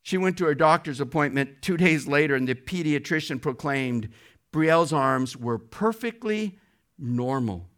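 A man telling a healing testimony in sermon style, rising high and loud when he quotes a prayer. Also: animated, moderate pace.

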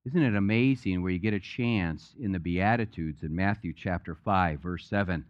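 A man's voice: sits low, normal speed, muffled recording. A man preaching a sermon as pastor, speaking conversationally and mixing in jokes. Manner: conversational, joke-telling preacher. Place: church sanctuary.

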